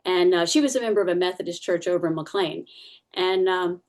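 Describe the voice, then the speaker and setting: A woman's voice: lowish voice, brisk, a little mellow. A woman giving a personal testimony in church, telling her story casually, with many fillers and restarts.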